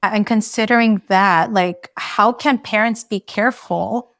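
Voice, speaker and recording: A woman's voice: medium pitch, a little slow, a bit bright, no echo, clean studio sound. A woman hosting a podcast interview, a mother of two young children, thinking aloud and asking her guest questions. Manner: reflective, asks questions openly.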